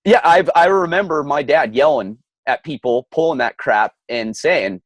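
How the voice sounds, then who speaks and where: A man's voice: on the high side, normal speed, few pauses, dry recording. Middle-aged man, podcast co-host, heated rant, stammers and restarts, dry close sound. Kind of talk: casual ranting chat.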